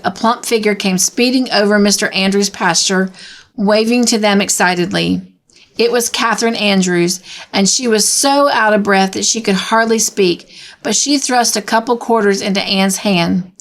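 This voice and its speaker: A woman steadily reading a classic novel aloud as narrator. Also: mid-range voice. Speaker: storybook reader.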